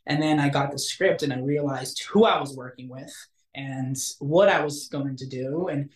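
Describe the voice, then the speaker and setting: A young man, an actor, telling a story in a casual interview, animated and acting out the quotes. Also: normal speed. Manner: animated, acts out quotes with big pitch jumps. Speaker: actor guest. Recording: roomy echo.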